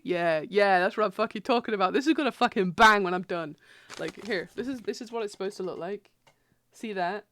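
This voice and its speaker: Livestreaming from her computer at home, a thirtysomething woman keeps up a lively, casual chat full of swearing and quick laughter. Her voice sits at a medium pitch, with no room sound.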